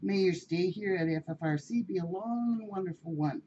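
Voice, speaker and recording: A woman's voice: fairly low pitch, moderate pace, warm tone, dull audio, a little hiss or hum, close to an everyday voice. A woman voicing a courteous male shelter cat who speaks in a formal, polite way. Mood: courtly.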